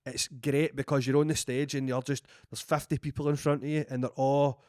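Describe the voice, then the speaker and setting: A Scottish comedian chatting on a podcast, easygoing and keen, with a middle-pitched voice. The sound is dry and close to the mic. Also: male voice, flat delivery, fairly quick, a little mellow, dry recording. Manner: easygoing, enthusiastic, with restarts. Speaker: podcast co-host, stand-up comedian. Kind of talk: casual chat.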